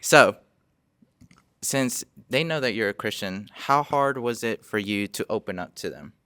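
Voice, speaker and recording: A man's voice: lowish voice, animated, measured pace, sharp tone, smooth, no room sound. A young man hosting a casual podcast interview, rambling and stopping to correct himself with apologetic asides. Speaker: podcast host.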